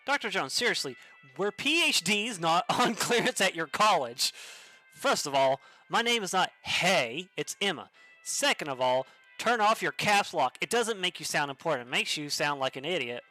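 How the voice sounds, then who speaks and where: Sarcastic young office woman, bright and cutting, slow scornful delivery , as a man puts her on. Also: sits high, very animated, faint music behind, heavily acted. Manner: exasperated, sarcastic reading.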